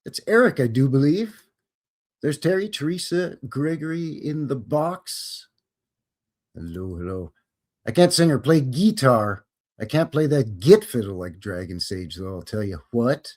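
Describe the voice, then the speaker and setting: A man from Canada hosts a live stream in a folksy, chatty way, greeting his viewers one by one. His pitch swings widely and keeps the talk animated. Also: a little slow. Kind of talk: casual live-stream chat.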